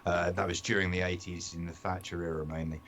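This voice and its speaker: A man's voice: low voice, flat delivery, quick pace, a bit bright, slight background noise. A British man co-hosting a podcast, chatting casually with dry, self-deprecating humor and long explanations full of fillers. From United Kingdom. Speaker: podcast co-host. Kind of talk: casual chat.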